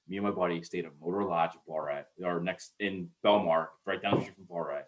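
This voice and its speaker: Low-voiced rambling podcast guy. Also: steady tone, brisk, dull audio. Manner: rambling storyteller, swears freely, restarts sentences. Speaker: podcast co-host. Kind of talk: casual podcast chat.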